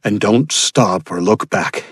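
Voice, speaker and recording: Audiobook dad, urgent orders, low husky voice, raised a little as the narrator plays him. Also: male voice, slow, dry recording, studio quality. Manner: urgent, commanding. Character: determined grown father under threat.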